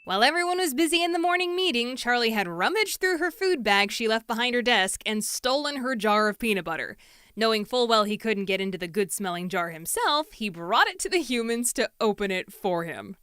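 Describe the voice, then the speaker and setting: A young adult woman telling a comedic story in a playful, animated way, swinging her voice up and down as she acts out the people she quotes. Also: fairly high pitch, fairly quick, clean tone, dry recording, clean studio sound. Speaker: storytelling YouTuber.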